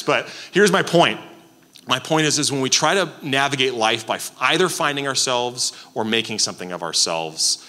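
Brief: a male pastor preaching casually, slightly low voice, long hall echo. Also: sharp tone. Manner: conversational, many fillers and restarts. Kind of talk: sermon.

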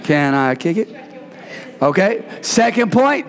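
A man preaching an energetic sermon as pastor, playful and call-and-response, bursting into shouts. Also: high voice, a little slow, vocal fry. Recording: reverberant hall.

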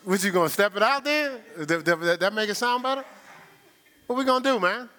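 A man's voice: high voice, animated, brisk, pushed and bright. A male pastor preaching a sermon, playful and teasing with his congregation.

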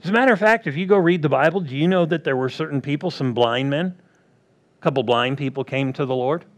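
A man preaching a sermon, acting out quoted voices and swinging between loud bursts and hushed asides. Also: on the high side, fast.

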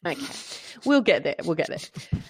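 A woman, talking in a casual, animated way as she co-hosts a podcast. Her voice sits fairly low, and she keeps the chat light with jokes, laughter and the odd swear word. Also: measured pace. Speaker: podcast co-host. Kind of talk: casual true-crime chat.

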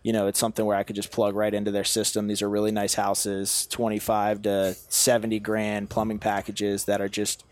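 A young man with a slightly low voice speaks in a dry, close recording. He chats as a podcast guest, earnest and self-assured, and often backs up to restart a phrase. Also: monotone, a little fast, few pauses, dry recording. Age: young adult. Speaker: podcast guest, business owner. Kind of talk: casual podcast chat.

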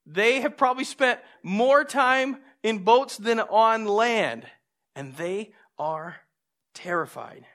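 Bright-voiced man preaching with animated storytelling. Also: high-pitched, slow pace. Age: adult with a young son. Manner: animated storytelling, acts out scenes. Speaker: pastor. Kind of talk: sermon.

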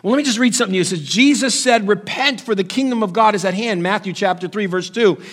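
A man preaching a sermon, emphatic, with big swings between loud and soft. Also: fast talker. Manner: emphatic preaching with dramatic swings in pitch and loudness. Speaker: pastor.

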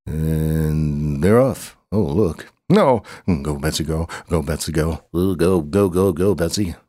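Deep-voiced man rambling through a story. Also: measured pace, dry recording, studio quality. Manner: rambling, excitable, with grunts and humming. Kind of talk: improvised story with banter.

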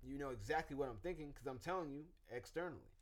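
Male podcast co-host, playful and animated, mid-pitched voice, casual advice chat. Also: fast. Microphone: studio microphone.

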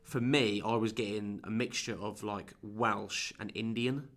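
A man's voice: lowish voice, steady tone, unhurried, fairly bright tone. A man chatting on a football podcast in an easygoing, rambling way, often restarting and calling his co-host mate. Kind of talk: casual football podcast chat.

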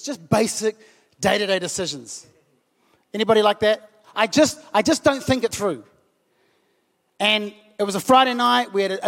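A man from New Zealand preaches in a conversational sermon style and slips into emotional outbursts. His voice sits very high. It rings with a long reverb from a church hall. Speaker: pastor. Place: church hall with about a hundred people.

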